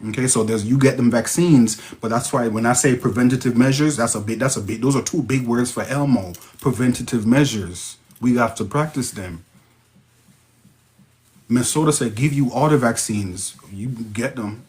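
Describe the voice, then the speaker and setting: A man with a Jamaican accent hosting a casual livestream, reading viewer comments and breaking into sudden high exclamations. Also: normal speed. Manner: excitable, interjects sudden high-pitched exclamations. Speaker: livestream host.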